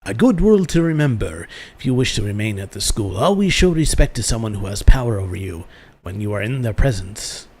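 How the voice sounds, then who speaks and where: A man's voice: fairly low pitch, expressive, brisk, darkish tone, breathy edge. A man voicing a stern older male rogue-class master with a put-on German accent, formal and lecturing.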